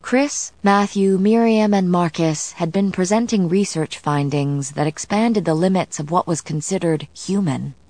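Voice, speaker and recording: A woman narrating an audiobook in the first person with a steady, measured reading. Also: on the low side, dry recording. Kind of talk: scripted narration.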